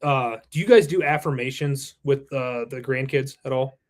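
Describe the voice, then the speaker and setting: A man's voice: medium pitch, normal speed. A man in his thirties, a company president, talking earnestly and reflectively in a casual interview, with the odd curse word. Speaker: roofing company president, podcast guest.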